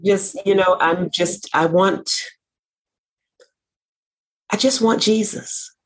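Husky-voiced woman minister, fervent, preachy repeats, middle pitch. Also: slow. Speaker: minister and network founder. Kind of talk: christian talk show conversation.

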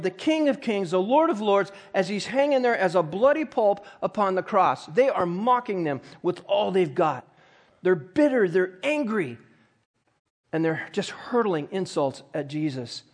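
A man with a high-pitched voice preaches a sermon in a church. He reads scripture aloud and acts out the mocking voices with fervor. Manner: reads scripture aloud, then acts out the mockers with rising intensity. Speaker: pastor.

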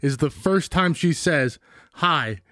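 Teasing young man, fairly high voice. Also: fairly quick, no echo, studio quality. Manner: teasing, crude jokes. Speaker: podcast co-host. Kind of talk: casual chat reviewing a movie.

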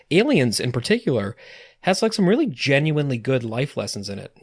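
Rambling man in casual podcast chat. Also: medium pitch. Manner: rambling, with many restarts and casual swearing. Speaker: podcast co-host.

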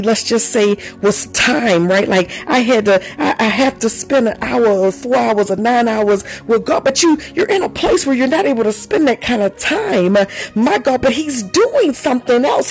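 A fervent prophetic minister preaching spontaneously, crying out "oh God" again and again, breaking into tongues, and lifting the voice when quoting the Lord. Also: medium pitch. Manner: fervent, repeating exclamations and speaking in tongues.

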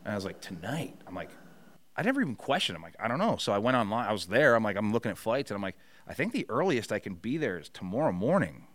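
A man's voice: on the low side, quick pace. A middle-aged man telling a long story in a casual chat, swearing freely and acting out what others said. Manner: profane, animated storyteller acting out quotes. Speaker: podcast guest.

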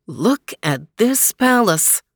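A woman voicing a proud, demanding old sultan with a commanding, slow storybook delivery. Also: mid-range voice, big pitch swings, dry recording, studio quality, voice pushed up.

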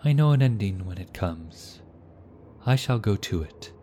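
A man voicing a solemn, resolute male knight who speaks in a grave, measured way. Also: fairly low pitch, expressive, warm tone, slight background noise, voice pushed up. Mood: resigned.

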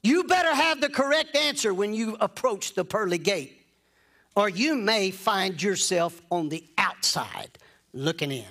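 Man, preacher, very high voice, bright and forceful, emphatic sermon delivery. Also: lively intonation, a little slow. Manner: emphatic, insistent; repeats phrases for stress.

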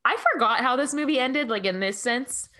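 A woman co-hosting a podcast in casual chat, emotional and animated, laughing often. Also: a little high, normal speed. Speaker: podcast co-host.

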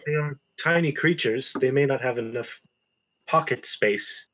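A player at a medium pitch delivers dry, deadpan remarks during a tabletop game. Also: measured pace. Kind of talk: casual tabletop play.

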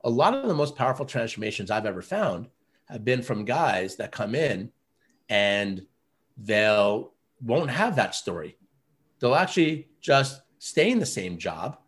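A man's voice: mid-range voice, sing-song, measured pace, slightly rough. A man who runs a men's coaching program, telling stories in a casual interview with lots of fillers. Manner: earnest, storytelling, many fillers like "you know" and "like".

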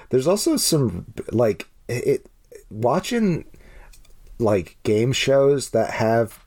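Slow, lively-pitched male podcast co-host. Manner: halting, many fillers and restarts, giggly. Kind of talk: casual podcast chat.

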